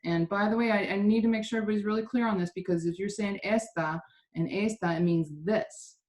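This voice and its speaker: A woman's voice: medium pitch, steady tone, racing, a little mellow. A woman teaching a class over a video call, patiently explaining grammar and correcting her students' pronunciation. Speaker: Spanish teacher. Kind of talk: online class instruction.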